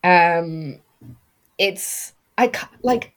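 A woman casually discussing a horror film, chatty, laughing often and filling pauses with ums. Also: lowish voice. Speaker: podcast co-host.

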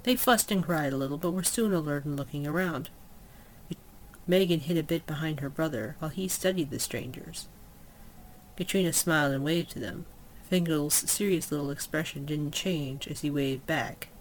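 Unhurried storyteller reading a fantasy tale. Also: mid-range voice, a little hiss or hum, rough recording. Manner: unhurried, with small slips and self-corrections.

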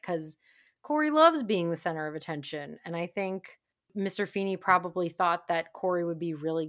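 A woman co-hosting a podcast, casually recapping a TV episode in a chatty, relaxed way. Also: on the low side. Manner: chatty, relaxed, uses lots of "like". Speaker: podcast co-host.

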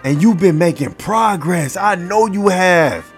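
A man hosting a podcast, giving a slow, encouraging motivational talk and leading a breathing exercise, repeating his words. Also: high-pitched, expressive, faint music behind. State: gasping for air at times. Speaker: podcast host.

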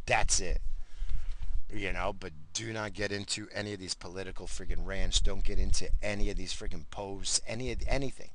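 Profane, ranting man with a low voice. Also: steady tone, moderate pace, bright, forceful tone, a little hiss or hum, rough recording. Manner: profane, blunt, repetitive; heated, frequently apologizing. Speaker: vlogger. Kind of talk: casual rant to camera.

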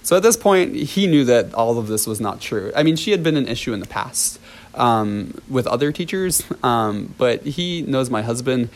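A man of ordinary mid pitch recounts a story for his vlog audience. He talks casually, breaking into laughs and sprinkling in ums and false starts. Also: expressive, normal speed. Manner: chatty storytelling with laughs, filler ums and restarts. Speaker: dance teacher.

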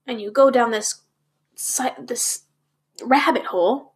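A woman's voice: fairly high pitch, a little slow. A woman speaking candidly to her viewers, questioning herself and swearing now and then. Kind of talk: candid personal talk to camera.

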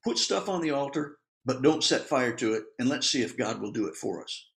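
A man preaches a sermon, reading scripture aloud and pausing to point out the funny side of the story. His pitch sits in the middle of the range but swings widely and expressively. He chuckles his way through the telling in an animated, good-humored manner.

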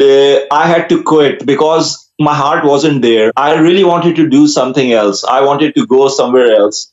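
A man with a Pakistani accent, a native Urdu speaker, answering interview questions earnestly and often pausing with fillers. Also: a little high. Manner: earnest, hesitant with frequent uh fillers. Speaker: musician guest. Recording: roomy, dull lo-fi sound.

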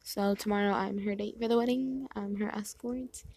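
A woman's voice: medium pitch, steady tone, normal speed, darkish tone, no room sound. A young woman in casual chat, telling a rambling, exasperated story and acting out other people in quoted asides. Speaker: vlogger.

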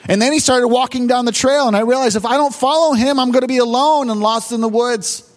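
A pastor with a strikingly high-pitched voice delivers a sermon. He tells a personal story with halting repetitions and rising emotion, then turns it toward his congregation. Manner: emotional, repetitive stammering retelling.

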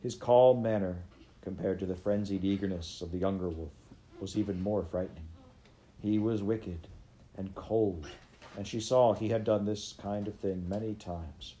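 Low, mellow-voiced man reading a novel aloud. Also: fairly even intonation, measured pace, a little hiss or hum. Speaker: reader.

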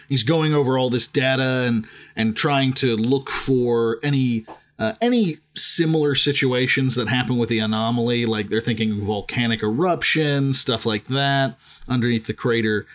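A man's voice: medium pitch, a bit bright. A man co-hosting a podcast, chatting casually about a book, rambling with lots of restarts and frequent laughter. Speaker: podcast co-host.

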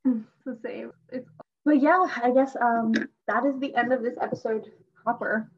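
Young woman, podcast co-host, excitable fan chat, higher voice, dull lo-fi sound. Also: normal speed. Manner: excitable, laughing, heavy use of "like".

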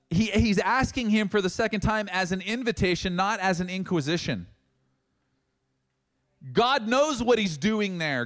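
A man preaching a sermon as pastor, reading scripture and acting out dialogue with animated emphasis. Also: sits high.

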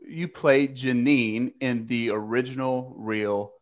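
A man hosting a fan podcast who introduces his guest and asks friendly, measured questions. His voice sits at a middle pitch for a man. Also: fairly even intonation. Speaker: podcast host. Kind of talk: casual interview.

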